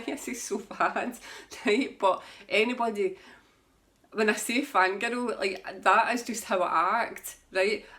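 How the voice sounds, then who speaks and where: A woman's voice: medium pitch, a bit bright. A woman who reads tarot, chatting casually to camera about her books in a rambling way and laughing at herself. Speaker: tarot reader. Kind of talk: casual book chat to camera.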